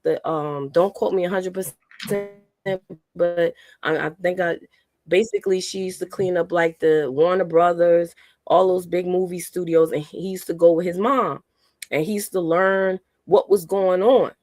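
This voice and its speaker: A woman's voice: fairly low pitch, steady tone, moderate pace, darkish tone, no room sound. A woman talking earnestly on a podcast, rambling and restarting her sentences. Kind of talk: casual chat.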